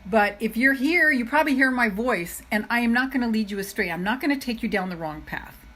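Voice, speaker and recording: A woman's voice: fairly high pitch, animated, brisk, bright, forceful tone, low-quality recording. A middle-aged woman giving a live motivational talk as a self-love coach. She speaks earnestly and chattily, repeats her key phrases for emphasis, and keeps addressing her viewers directly.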